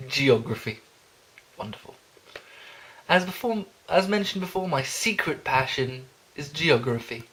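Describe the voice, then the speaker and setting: A young man reading a jokey self-introduction, rambling and giggling, with deadpan asides. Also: on the high side, measured pace. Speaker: vlogger.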